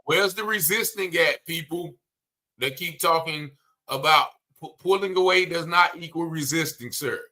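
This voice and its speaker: A man's voice: on the high side, moderate pace, bright, forceful tone. A man commenting on a video, emphatic and blunt, repeating his points with indignation.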